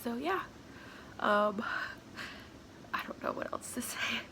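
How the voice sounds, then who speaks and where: Tearful woman with a gravelly, slow voice. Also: on the high side, expressive, slight background noise. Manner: halting, soft, drifting into whispers. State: tearful, sniffling. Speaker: vlogger. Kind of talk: personal confessional vlog.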